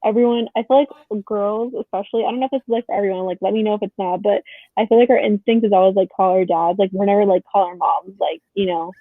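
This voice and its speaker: Fast-talking woman on a tinny line. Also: medium pitch, dry recording. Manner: rapid, rambling, heavy "like" filler. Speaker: podcast co-host. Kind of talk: casual chat. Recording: dry, tinny phone-like sound.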